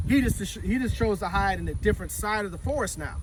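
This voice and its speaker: A man's voice: sits high, expressive, quick pace. A man casually telling a rambling, profane story outdoors in a forest. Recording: distant mic, loud outdoor noise.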